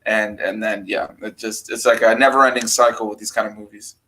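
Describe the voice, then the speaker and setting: A man chatting casually about horror films, rambling and animated, breaking into raised-voice impressions of quotes. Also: lowish voice, a little fast, rough recording. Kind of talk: casual film discussion.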